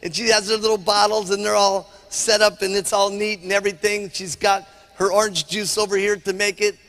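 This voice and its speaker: A man's voice: high voice, flat delivery, brisk, a bit bright. A man giving a motivational seminar speech as a business trainer, emphatic and forever asking "okay?". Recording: long hall reverb.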